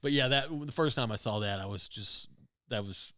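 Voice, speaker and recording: A man co-hosting a casual comedy podcast, relaxed and curious, asking questions and giving short replies. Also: lowish voice, normal speed, no echo, studio quality. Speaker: podcast co-host.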